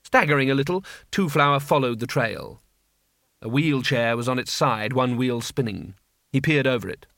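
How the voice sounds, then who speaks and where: A man narrating an audiobook in a wry, steady storytelling manner. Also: medium pitch, normal speed, vocal fry, no echo, clean studio sound.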